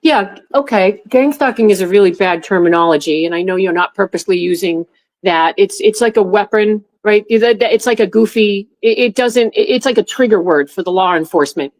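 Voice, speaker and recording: A middle-aged woman, a former airport security officer, recounting a painful memory in a halting way with many restarts. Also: mid-range voice, darkish tone, rough recording. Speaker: interview guest, former TSA officer. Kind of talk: emotional personal recollection.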